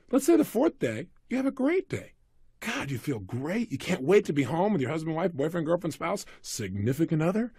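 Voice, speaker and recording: A man's voice: high voice, no room sound, clean studio sound. A man giving a motivational seminar talk, telling stories with animation and putting questions to his audience. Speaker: motivational speaker.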